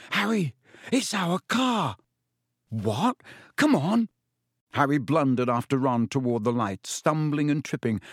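A man reading a children's novel aloud as the narrator, in a measured, steady storytelling manner. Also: mid-range voice, dry recording, clean studio sound. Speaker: audiobook narrator. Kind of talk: scripted narration.

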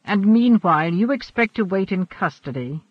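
A man voicing a shrewd, guarded older cardinal who speaks in a quiet, probing and formal way. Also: high voice, animated, moderate pace, dry recording. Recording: dry, dull lo-fi.

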